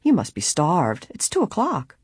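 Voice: medium pitch, wildly swooping pitch, moderate pace, slightly rough, no echo, heavily acted. A reader voicing a worried, motherly older housekeeper in an audiobook. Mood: fretful.

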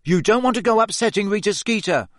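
A man's voice: mid-range voice, sing-song, normal speed, fairly bright tone, no echo, clean studio sound. A man reading aloud, voicing a nervous, worried teenage schoolboy in a slightly raised, anxious voice.

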